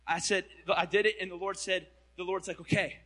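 An animated male preacher telling a story from the pulpit. His voice sits a little high and has a bright, tense edge. He talks in casual slang and swings between loud bursts and quiet asides. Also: brisk, low-quality recording. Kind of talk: storytelling sermon.

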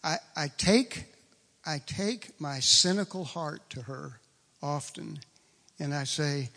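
A man's voice: fairly high pitch, takes it slowly, bright, forceful tone. A man preaching a sermon, emphatic and fond of repeating phrases for stress. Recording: long reverb of a large hall.

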